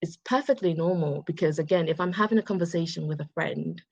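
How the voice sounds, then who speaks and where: A woman's voice: lowish voice, fast, gravelly, darkish tone, slightly rough, no echo. A woman from England with a Southern English accent, chatting casually and reassuringly as an English tutor on a video call. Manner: chatty, reassuring, puts on playful mock voices. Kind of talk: casual online tutoring chat.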